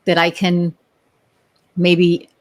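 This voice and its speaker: Lively storytelling woman, slightly low voice. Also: very slow. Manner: animated storyteller, acts out quoted voices. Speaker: podcast guest, business owner. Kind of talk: casual chat.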